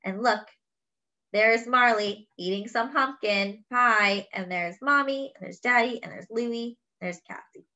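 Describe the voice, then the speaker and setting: A woman reading a picture book aloud to children, expressive and exclaiming over the pictures. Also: fairly high pitch, unhurried, muffled recording. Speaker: children's story reader. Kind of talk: read-aloud storytelling.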